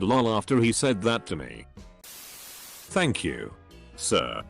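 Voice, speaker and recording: Man, low voice, lively pitch, reads posts aloud, spells out abbreviations, faint music behind. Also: slow pace, gravelly, pauses often. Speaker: narrator of reddit posts. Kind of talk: reading online posts aloud.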